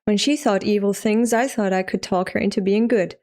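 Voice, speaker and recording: A woman's voice: medium pitch, steady tone, fairly quick, a little mellow, lightly acted. A woman reading as a resigned teenage girl.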